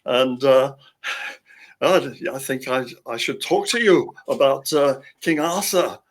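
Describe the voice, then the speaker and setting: A man's voice: medium pitch, slow. Guy putting on a welsh caller, kinda hesitant. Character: Welsh man calling on the phone.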